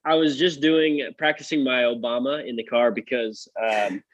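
A man's voice: mid-range voice, steady tone, dry recording, dull audio. A man co-hosting a podcast in casual chat, joking dryly and restarting his sentences. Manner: dry joking, halting restarts. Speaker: podcast co-host.

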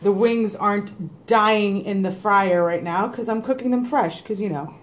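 A woman's voice: medium pitch, a little slow. A woman co-hosting a podcast, chatting in an upbeat way and teasing her co-host. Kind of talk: casual chat.

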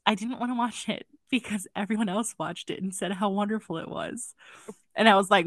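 A woman's voice: medium pitch, fairly quick, dry recording, studio quality. A woman co-hosting a casual book review podcast, talking animatedly and slipping into silly voices to mock characters. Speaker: podcast co-host.

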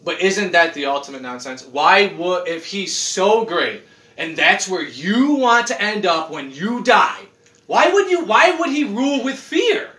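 This man's voice sits high, and he keeps a measured pace while delivering a profane, sarcastic rant in a living room. It's casual and animated, with plenty of swearing. A distant mic picks up a roomy space.

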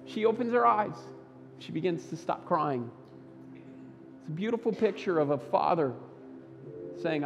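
A man preaching a Sunday sermon as pastor, emphatic, swinging between loud bursts and quiet low lines. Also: expressive, a little slow, long pauses, long reverb tail, soft background music. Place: church sanctuary.

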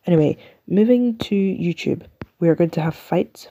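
A woman's voice: lowish voice, lively intonation, moderate pace, creaky, warm tone, slightly rough. A young woman from the UK with an English accent, chatting and rambling through her solo podcast in a self-mocking way. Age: young adult. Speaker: podcast host. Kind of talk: casual solo podcast chat.

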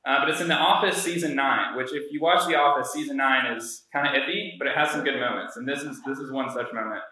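A man's voice: mid-range voice, fast talker, pushed and bright. A young man giving a casual, conversational sermon, telling a story with many fillers. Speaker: preacher. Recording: very echoey room.

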